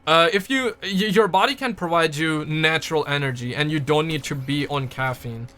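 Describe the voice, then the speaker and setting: A young man from Pakistan hosts a gaming news livestream in a loose, casual chat. His fairly high voice has a bright, forward edge. He jumps his pitch around on purpose so he never sounds flat. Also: moderate pace, soft background music. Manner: animated, shifts his voice up and down on purpose.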